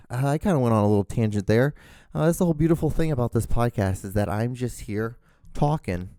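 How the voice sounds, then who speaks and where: A man's voice: mid-range voice, warm tone, no echo. Man, young adult, California drawl, solo podcast host, rambling and filler-heavy, dry close sound. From born outside the United States. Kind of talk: casual solo podcast monologue.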